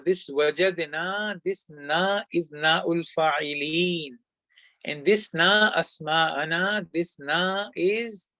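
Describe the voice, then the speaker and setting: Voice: medium pitch, fairly bright tone, no room sound, highs cut off. An Arabic teacher giving an online class lesson, who explains step by step, quizzes the students and sprinkles in devout phrases.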